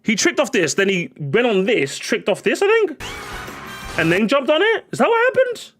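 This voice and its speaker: Lively, excitable male game streamer. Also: very high voice, moderate pace, soft background music. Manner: excitable, chatty, rambling with many restarts. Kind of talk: live game reaction commentary.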